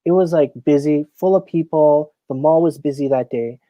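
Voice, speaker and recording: A man's voice: a little high, normal speed, no room sound. A man who works as a casino floor supervisor, a guest telling stories in a casual interview, chatty and full of fillers. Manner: chatty, filler-heavy, animated retelling.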